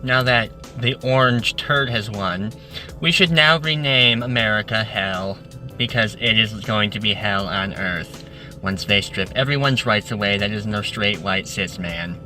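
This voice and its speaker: A man's voice: on the low side, a little slow, sharp tone, faint music behind. A man speaking in a sarcastic, dramatic way.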